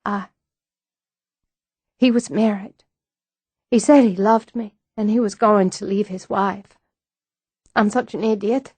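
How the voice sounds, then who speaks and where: Tearful, fragile young woman read by a woman, halting confession, audiobook. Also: mid-range voice, steady tone, darkish tone, slightly rough, no room sound. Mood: distraught. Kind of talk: audiobook dialogue.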